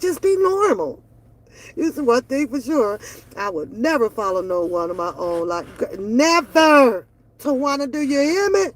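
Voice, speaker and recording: A woman, ranting bluntly and profanely on her reaction channel. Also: high-pitched. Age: 40s. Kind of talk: casual opinion rant.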